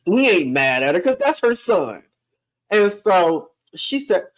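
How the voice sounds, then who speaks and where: Guy on a podcast telling a funny family story, voice jumps all over, kinda high, laughs a lot. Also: unhurried, poor audio. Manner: animated, laughs often, acts out voices. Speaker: podcast guest. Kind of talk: casual storytelling.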